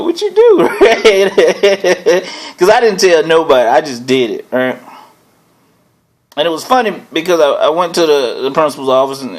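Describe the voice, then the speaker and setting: A man hosting his own show, telling a personal story in a casual, animated way, often chuckling and asking "right?". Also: mid-range voice. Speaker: host.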